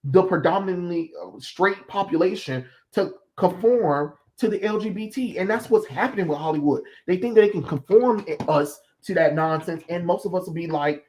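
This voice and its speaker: Guy streamer going off on a rant, kinda high voice, blunt and heated, swears some. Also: moderate pace, few pauses, a little mellow. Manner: heated, blunt ranting with profanity. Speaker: stream host. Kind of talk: casual chat.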